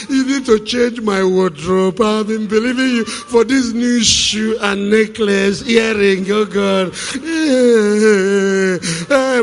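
A man's voice: very high voice, a bit bright, pitched above the performer's own voice, full character voice. A man putting on the voice of a whiny woman believer, who complains and begs God for gifts. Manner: pleading, complaining, wailing. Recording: reverberant hall.

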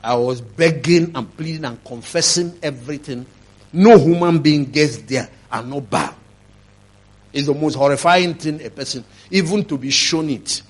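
A man preaching a sermon, telling a testimony, swinging from quiet telling to loud, emphatic preaching. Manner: rising to loud emphatic preaching, then dropping low.

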